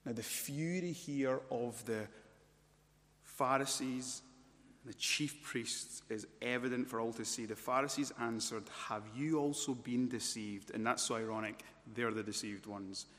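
A man preaching an expository sermon, working through a passage and getting louder and higher when he presses a point. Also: steady tone, a little slow. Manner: rises to loud, high-pitched emphasis when stressing points. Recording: long hall reverb.

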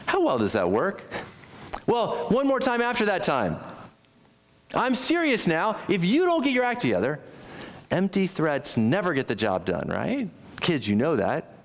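A man preaching a sermon with a lively delivery. His pitch sits a little high and swings widely as he acts out quoted lines. He talks to the congregation directly and checks in with quick questions. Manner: acts out quoted speech with sharp jumps in pitch. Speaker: pastor.

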